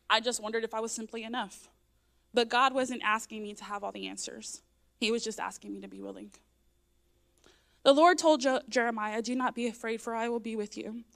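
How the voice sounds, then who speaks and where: Here the woman's voice is a little high and a bit bright. An adult raising young children, she offers an earnest testimony as a church member in the sanctuary, her words at times verging on tears.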